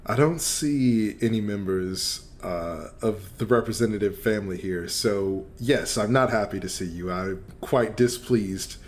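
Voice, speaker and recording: A man voicing a scornful male lizardfolk guard captain in a low, cold, menacing voice. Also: measured pace, hardly any pauses, lightly acted.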